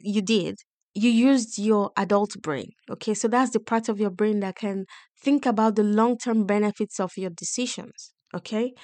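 A woman coach talks listeners through an idea in a teaching monologue. She explains each point plainly and keeps checking in along the way. Her voice sits at a middle pitch, and the sound is dry and close. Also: no room sound. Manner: explanatory, often checks in with "right?" and "okay?". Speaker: podcast host and wealth coach.

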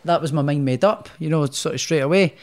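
A Scottish man who boxes professionally talks fast in a fairly high voice while being interviewed. His storytelling is casual and meandering, full of restarts and fillers, and he often puts himself down.

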